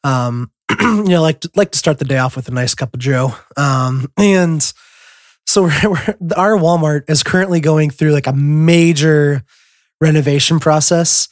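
A young man co-hosting a podcast, rambling through a casual story with lots of ums, throat-clearing and chuckles. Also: on the high side, unhurried, dry recording, studio quality. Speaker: podcast co-host.

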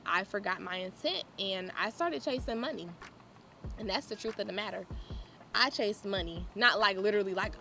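A woman giving a candid, animated personal testimony, often laughing as she talks. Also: mid-range voice, moderate pace, faint music behind.

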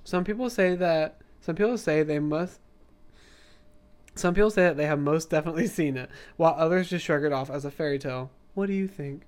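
A woman co-hosting a casual podcast, teasing her friend, giggling often and reading aloud haltingly. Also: deep voice, darkish tone. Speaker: podcast co-host. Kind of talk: casual chat.

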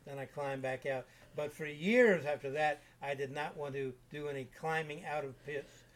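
A man in his seventies, an interview guest, telling rambling caving anecdotes in a relaxed, casual way with frequent restarts. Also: fairly high pitch, moderate pace. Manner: rambling, self-repeating anecdotes. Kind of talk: casual storytelling.

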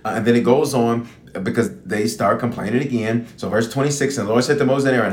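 Fervent preacher man in an echoey room. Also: medium pitch. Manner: fervent, repeats lines for emphasis, reads scripture aloud. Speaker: bishop preaching online. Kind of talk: livestreamed sermon and prayer.

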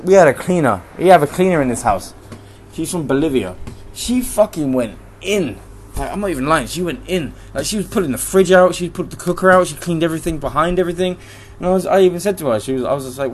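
A young man hosts a solo podcast from a room at home, ranting in a profane, rambling, heated way. His mid-range voice is a little mellow, with slight background noise.

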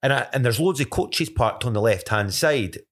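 A man's voice: mid-range voice, lively intonation, moderate pace. Rambling Scottish man sharing faith stories. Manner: rambling, many restarts and self-corrections. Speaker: podcast co-host. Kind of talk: casual faith testimony chat.

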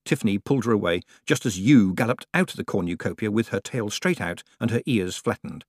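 A man narrating an audiobook in a lively, expressive storytelling manner. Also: lowish voice, a little fast, slightly rough, dry recording, clean studio sound.

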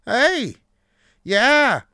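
A man's voice: extremely high pitch, very animated, extremely slow, pushed and bright, clear, resonant tone, dry recording, clean studio sound, voice pushed up, full character voice. A man voicing an overly friendly male grocery store clerk who chatters in a pushy, sing-song way. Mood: chummy.

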